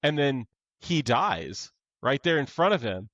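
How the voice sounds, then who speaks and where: A man's voice: mid-range voice, sing-song, measured pace, fairly bright tone, no echo, dull audio. A man co-hosting a podcast, casually retelling a film's scenes and acting out its lines. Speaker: podcast co-host. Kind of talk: casual movie recap chat.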